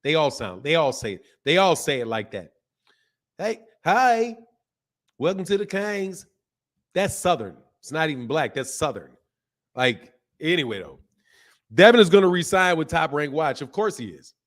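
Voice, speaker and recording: A man's voice: a little high, normal speed. A man hosting a live boxing stream, chatting casually and reading out viewers' names from the chat. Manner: animated, talkative, reads chat names aloud. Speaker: boxing channel host.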